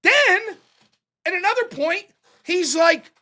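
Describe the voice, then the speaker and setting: A male livestream host in casual commentary, swinging his pitch widely as he rants. His voice is bright and sharp, full of profanity and laughter. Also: takes it slowly. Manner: animated profane ranting, laughs often.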